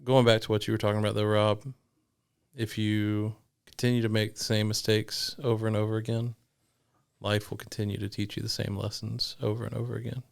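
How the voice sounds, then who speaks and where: Gravelly low-voiced man, casual podcast talk. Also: little pitch movement. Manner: laid-back, quick agreeing remarks. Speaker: podcast co-host. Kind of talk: casual chat.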